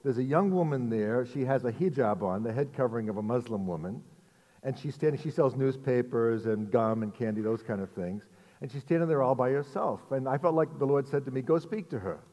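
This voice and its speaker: A middle-aged man preaching a sermon in a relaxed, conversational way, mixing jokes and rhetorical asides. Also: medium pitch, fairly quick, muffled recording. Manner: conversational, self-deprecating humor with rhetorical asides. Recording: long hall reverb.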